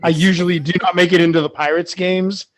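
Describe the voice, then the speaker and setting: A man guesting on a podcast over a video call, chatting in an excited, joking way. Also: high voice, quick pace, no echo. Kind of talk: casual chat.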